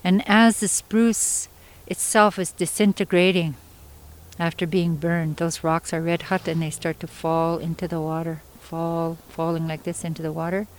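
A woman storyteller from Yukon, Canada, telling a traditional story in an unhurried, conversational way with pauses and asides. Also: on the low side, little pitch movement, poor audio. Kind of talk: oral storytelling.

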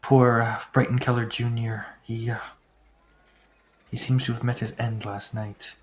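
A man's voice: medium pitch, flat delivery, measured pace. A man running a tabletop game as game master, describing scenes loosely with many fillers.

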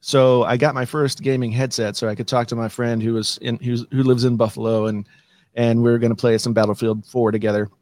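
A man guesting on a podcast, telling his story in an easygoing way and repeating words as he gathers his thoughts. His voice has a mid pitch and a dry, close sound. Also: level tone, brisk, a little mellow, no room sound. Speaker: podcast guest, YouTube creator. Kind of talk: casual chat.

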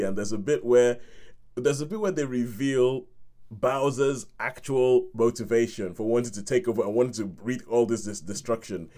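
A man's voice: mid-range voice, warm tone. A man hosting a film review podcast, chatting casually, laughing often and acting out his own reactions. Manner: chatty, laughing, acts out reactions and hums tunes.

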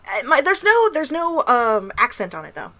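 A woman co-hosting a casual podcast, her voice bright and a little high. She talks candidly, laughs often and swears now and then. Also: huge pitch swings, moderate pace. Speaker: podcast co-host. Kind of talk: casual chat.

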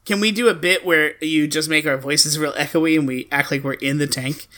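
A man's voice: fairly high pitch, fairly even intonation, normal speed, bright, forceful tone. A man co-hosting a podcast, trading profane, teasing jokes in casual banter. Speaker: podcast co-host.

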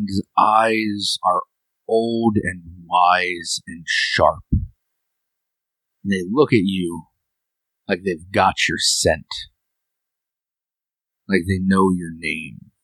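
A man with a deep voice narrates a tabletop game as game master. He takes his time, drawing out each description with pauses. The recording is dry and close. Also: steady tone, fairly bright tone, no room sound, poor audio.

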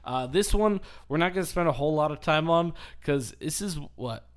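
A man hosting a podcast, telling long rambling stories in casual chat and breaking into quick laughs. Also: a little high, lively intonation. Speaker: podcast host.

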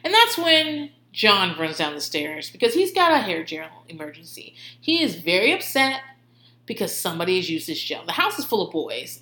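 Bright-voiced woman laughing through a profane recap. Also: medium pitch, reverberant. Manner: profane, laughing, animated storytelling. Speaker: podcast host. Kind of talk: casual recap chat.

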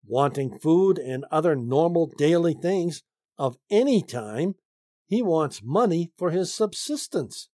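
Man, Bible teacher, slow and deliberate, lively pitch, dry close recording. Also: dry recording. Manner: slow, deliberate reading with emphatic stresses. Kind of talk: reading and commenting on scripture.

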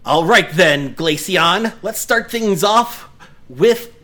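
A man voicing a polite bespectacled male trainer giving calm commands. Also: high-pitched, slow pace, pitched above the performer's own voice, heavily acted.

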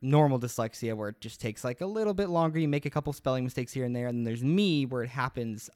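A man's voice: medium pitch, fast, darkish tone, clean tone, no room sound, studio quality. A young adult man co-hosting a podcast, telling a mystery story in casual, rambling, upbeat chat.

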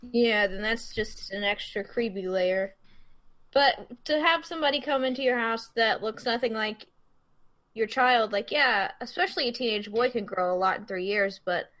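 A woman's voice: on the high side, normal speed, fairly bright tone, rough recording. A young adult woman co-hosting a casual true-crime podcast, rambling with lots of fillers. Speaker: podcast co-host.

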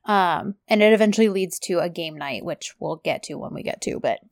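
A woman's voice: fairly low pitch, a little fast, vocal fry, dry recording. Chatty woman with a dry close voice. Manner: chatty, acts out quotes with laughs. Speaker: podcast co-host. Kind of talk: casual chat recapping a TV series.

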